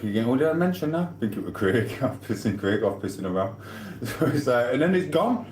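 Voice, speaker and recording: A man's voice: mid-range voice, expressive, fairly quick, darkish tone, roomy sound, a little hiss or hum. A man in a rambling live-stream chat with viewers, talking casually from his kitchen while he cooks and laughing often. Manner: rambling and chatty, laughs often, keeps asking "do you know what I mean". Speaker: livestreamer chatting with viewers. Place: home kitchen while cooking.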